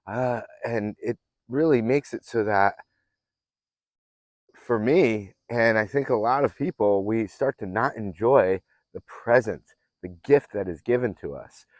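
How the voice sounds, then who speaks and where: A man's voice: medium pitch, a little mellow, no room sound. A man working as a fitness and mindset coach gives an earnest, affirming motivational talk that sometimes rambles and restarts. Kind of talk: motivational self-help talk.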